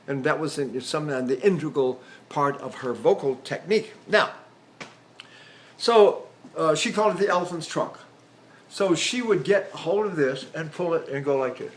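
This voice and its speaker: A man's voice: fairly high pitch, lively intonation, normal speed, a little hiss or hum. An older male voice teacher giving a rambling lecture on vocal technique, breaking into demonstrations and sung vowels.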